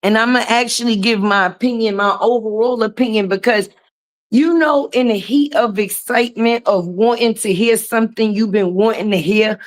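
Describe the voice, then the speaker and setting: A hoarse-voiced woman hosting a casual live stream from a garage, chatting and greeting viewers by name and calling them baby. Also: on the high side, moderate pace.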